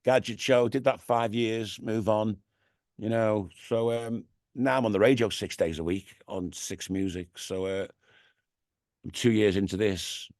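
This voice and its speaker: Chatty Liverpool man, low voice, dry sound. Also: steady tone, a little slow, darkish tone, no echo. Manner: chatty, rambling, peppered with "you know what I mean". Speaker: radio DJ and TV presenter, interview guest. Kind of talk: casual interview chat. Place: radio studio.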